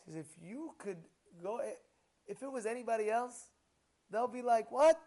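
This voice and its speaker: A male rabbi tells a story in a sermon, his voice sitting very high for a man. He acts out the people in it with loud, animated bursts, then sinks back to a low murmur. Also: moderate pace. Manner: drops to a low murmur between outbursts.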